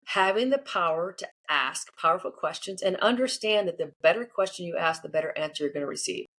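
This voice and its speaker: Fast-talking woman leadership coach. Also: lowish voice. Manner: animated, acts out quoted people. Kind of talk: casual interview answers, storytelling.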